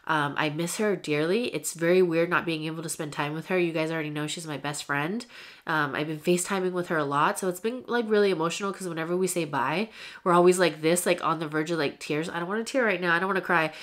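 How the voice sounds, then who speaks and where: A young woman talking to her camera in a casual vlog. Her voice sits a little low, and she speaks in a chatty, candid way with lots of fillers. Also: fast talker. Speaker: vlogger.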